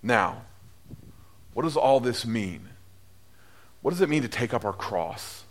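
Lively, expressive man preaching a sermon. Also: slow. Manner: lively storytelling, acting out voices with big pitch swings. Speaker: priest.

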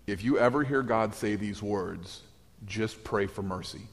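A man preaching a sermon, telling the story in a wry, animated way with sarcastic asides. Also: mid-range voice, moderate pace, in a large hall.

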